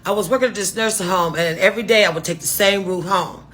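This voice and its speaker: Woman, storytime vlog, husky, bright edgy tone, swears a lot, rambling. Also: mid-range voice, quick pace. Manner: profane, rambling, restarts and asides. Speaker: storytime vlogger. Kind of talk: casual storytime monologue.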